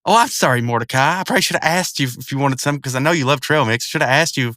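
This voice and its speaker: A man's voice: mid-range voice, fast talker, pushed and bright, dry recording, clean studio sound, pitched above the performer's own voice, close to an everyday voice. A man retelling a cartoon scene and voicing a brash, whiny young male raccoon, raising his voice well above his own and pushing each line hard. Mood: mock-sweet. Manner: pushy, wheedling.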